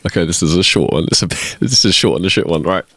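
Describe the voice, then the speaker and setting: A man's voice: low voice, very fast, a bit bright, dry recording, clean studio sound. A man co-hosting a comedy podcast, telling jokes in a casual, laughing way. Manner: jokey, laughs often, restarts sentences. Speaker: podcast co-host. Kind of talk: casual chat.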